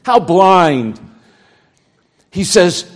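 A male pastor preaching a sermon, swinging from loud outbursts to quiet asides. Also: high-pitched, sing-song, drawn-out words.

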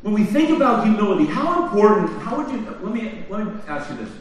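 A man preaches a sermon, firing questions at his listeners and dropping to hushed lows before rising to shouts. His voice sits fairly high for a man. It is picked up from far away in a very echoey hall. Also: big pitch swings, fast talker. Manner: asks the congregation questions, swings from hushed to shouting. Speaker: pastor.

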